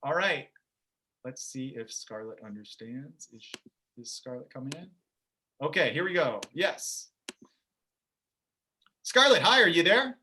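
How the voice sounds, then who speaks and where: Upbeat male host, high bright voice, chatty and joking on a video call. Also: sing-song, measured pace, pauses often, slight background noise. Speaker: game show host. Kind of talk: livestream game show hosting.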